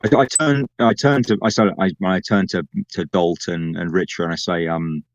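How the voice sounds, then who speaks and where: A man's voice: sits low, fairly even intonation, moderate pace, hardly any pauses, dry recording, dull audio. A man talking as a player in a tabletop game, hesitant and repeating words.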